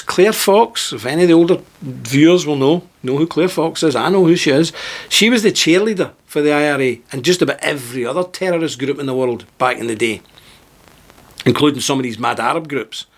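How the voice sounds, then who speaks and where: A man hosting his own video channel, giving a heated, emphatic monologue to camera and reading part of it from a script. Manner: emphatic, indignant, with sudden rises in pitch; partly reading aloud from a script. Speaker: political video host.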